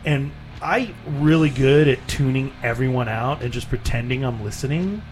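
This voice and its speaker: A man's voice: medium pitch, moderate pace. A man co-hosting a music radio show, rambling in a laid-back, self-deprecating way. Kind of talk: casual radio banter.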